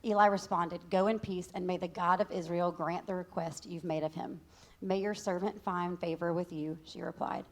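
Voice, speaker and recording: A woman's voice: on the low side, steady tone, normal speed. A woman co-teaching a sermon, reading scripture aloud and adding candid, joking asides. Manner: candid and joking, says y'all. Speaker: pastor's wife co-teaching.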